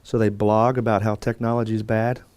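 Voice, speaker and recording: A man's voice: lowish voice, little pitch movement, moderate pace, darkish tone, no room sound. A man teaching a Bible course in a conversational lecture style, with fillers and restarts and quotes acted out. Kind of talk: classroom lecture.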